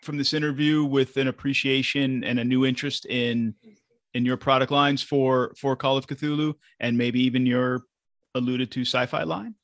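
A man's voice: medium pitch, steady tone, normal speed, no echo. A man co-hosting a podcast, friendly as he thanks the guests. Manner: friendly, wraps up formally. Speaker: podcast co-host. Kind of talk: casual interview chat.

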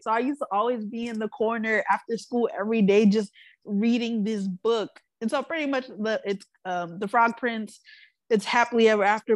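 A woman's voice: fairly high pitch, no room sound. A woman co-hosting a podcast in casual chat, talking loosely with lots of fillers and frequent laughter. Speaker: podcast co-host.

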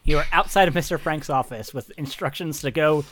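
A man running a tabletop game as its narrator, often tripping over and repeating his words. His voice sits slightly high. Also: a little fast, fairly bright tone, a little hiss or hum. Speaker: game master.

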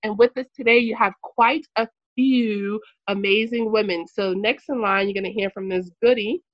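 A woman's voice: medium pitch, fairly even intonation, normal speed, no echo, dull audio. A playful woman hosting a casual group podcast, laughing often as she introduces the guests. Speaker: podcast host and company CEO.

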